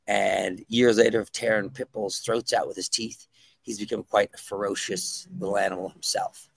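Male guest, low gravelly voice, dry close sound, eager and rambling, lots of ums. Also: dry recording. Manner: enthusiastic, rambling with many fillers. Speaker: guest comic book writer. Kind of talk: casual interview talk.

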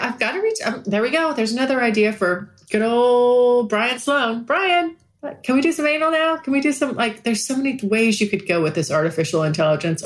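Brief: woman, podcast host, casual frank monologue, profane and giggly. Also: a little high. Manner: frank, profane, laughing often.

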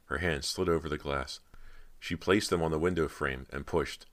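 Very deep-voiced man narrating horror. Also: normal speed, fairly bright tone. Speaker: audiobook narrator.

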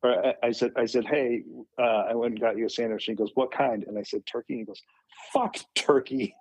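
Halting, storytelling man podcast guest. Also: medium pitch, steady tone, a little mellow, slightly rough, dry recording, highs cut off. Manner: halting anecdotal storytelling with many fillers. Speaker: podcast guest, mental health advocate. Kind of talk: casual conversation, storytelling.

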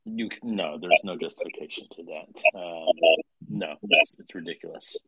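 A man co-hosting a casual podcast chat who explains in a measured way, with many filler sounds. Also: low-pitched, vocal fry, sharp tone.

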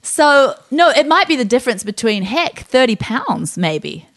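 A woman's voice: on the high side, very animated, a little slow, a bit bright. A woman from New Zealand with a New Zealand accent, co-hosting a podcast in playful, rambling casual chat. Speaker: podcast co-host.

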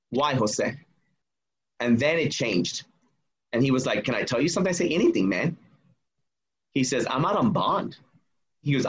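Husky-voiced man telling a story. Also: fairly high pitch, rough recording. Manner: animated, acts out quoted dialogue. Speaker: guest telling a personal story. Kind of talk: casual storytelling.

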